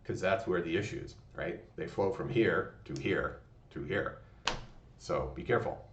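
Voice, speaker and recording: Motivational host, man, very low voice, rambling folksy delivery, dull echoey recording. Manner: rambling, folksy, many fillers and restarts. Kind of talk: motivational talk. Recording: distant, roomy, dull lo-fi sound.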